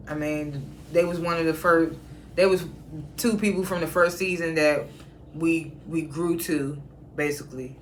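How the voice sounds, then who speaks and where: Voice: mid-range voice, a bit bright, slight background noise. A TV reviewer casually recapping an episode, retelling scenes in a conversational way with quoted lines and personal asides.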